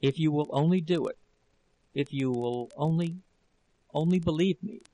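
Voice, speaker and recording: A man's voice: on the high side, normal speed, dark tone, no echo, lightly acted, low-quality recording. A man voicing a frantic, tearful young wife. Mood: pleading. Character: desperate young woman pleading with her husband.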